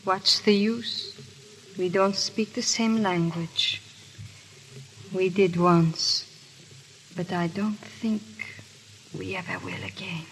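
A woman's voice: on the low side, expressive, takes it slowly, pauses often, a little hiss or hum. An actress playing a worried, earnest noblewoman in a 1930s radio drama. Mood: sorrowful. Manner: earnest, pleading.

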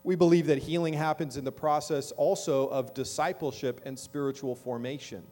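A man's voice: on the high side, fairly even intonation, normal speed, warm tone. A middle-aged man preaching a sermon as pastor in a church, talking conversationally and often checking in with the congregation. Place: church sanctuary.

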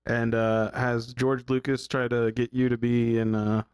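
A man's voice: medium pitch, little pitch movement, unhurried, a little mellow, clean tone, dry recording. A man hosting a casual podcast interview, prompting his guest with questions and laughing along. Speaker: podcast host.

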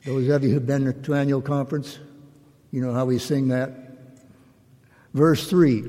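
An older man, a pastor, giving a slow and reflective sermon in measured, drawn-out phrases. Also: medium pitch, level tone, mellow. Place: church sanctuary. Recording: long reverb of a church hall.

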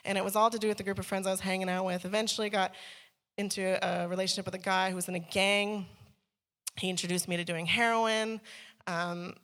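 A woman tells her life story to a congregation in a clear, bright voice. She speaks candidly and laughs often. When the story gets heated her voice shoots up high. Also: level tone, fairly quick. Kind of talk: personal testimony to a church audience.

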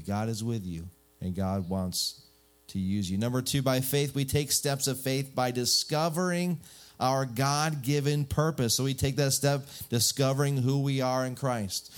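A man delivers a sermon with casual humor and frequent rhetorical questions to his listeners. His pitch sits at an ordinary middle level for a man. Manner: lively, joking, rhetorical questions. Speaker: pastor.

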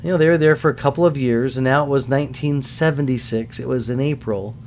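Middle-aged guy hosting a podcast, chatty animated storytelling, pokes fun at himself, mid-pitched voice, faint hum behind. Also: fast. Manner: animated, self-deprecating, acts out voices in anecdotes. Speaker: podcast host. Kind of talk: casual storytelling.

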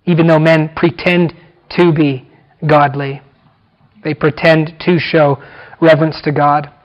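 A man preaching an expository sermon, repeating key words and slowing down for emphasis. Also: fairly high pitch, little pitch movement, poor audio. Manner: emphatic, repeats phrases, slows down for weight.

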